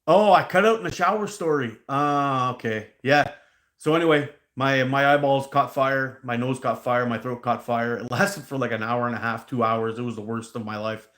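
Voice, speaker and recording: A man hosting a casual live stream about hot sauce, a rambling, animated storyteller who laughs at his own stories. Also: medium pitch, normal speed, roomy sound. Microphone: handheld mic pulled out.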